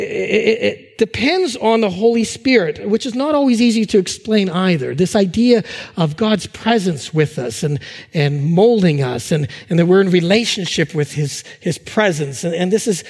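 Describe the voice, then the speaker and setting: High-voiced pastor preaching in a hall. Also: male voice. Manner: conversational, repeats words, restarts phrases. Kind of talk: sermon.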